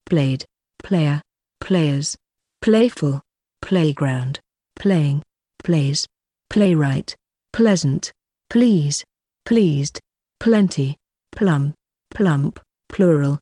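A woman reading a vocabulary list aloud, one word at a time, slowly and deliberately. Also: low-pitched, warm tone, husky, dry recording, clean studio sound. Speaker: vocabulary reader.

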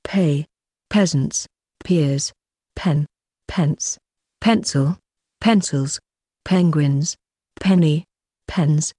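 Slow, mellow woman reading a word list. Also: sits low, slightly rough, dry recording, clean studio sound. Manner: slow, evenly paced, one word at a time.

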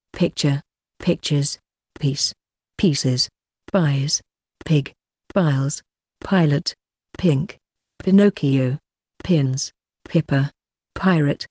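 A woman reads a vocabulary list one word at a time, very slowly. Her voice is low, mellow and a little husky, in a dry, close recording. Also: no room sound. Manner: slow, evenly paced, one word at a time.

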